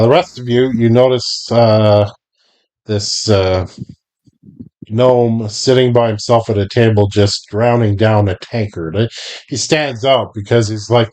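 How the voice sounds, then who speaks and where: A man narrating as game master for a tabletop game, unhurried, with many fillers. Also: on the low side, steady tone, a little mellow.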